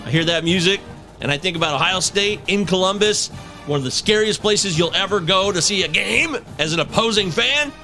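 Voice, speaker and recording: A man in his thirties hosts a casual sports podcast, swearing freely and getting fired up. His voice is bright and a little high, with a lively, swooping pitch. Faint music sits behind him. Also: brisk. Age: 30s. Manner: animated, swearing, breaks into shouts and chants. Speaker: podcast host.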